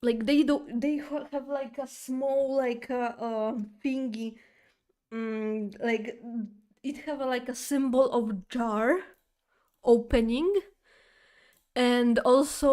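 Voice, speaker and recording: A woman with a fairly high voice tells a casual story to her stream chat at an unhurried pace. She talks in a chatty, exaggerated way and often stops and restarts her sentences. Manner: halting phrasing with fillers and restarts.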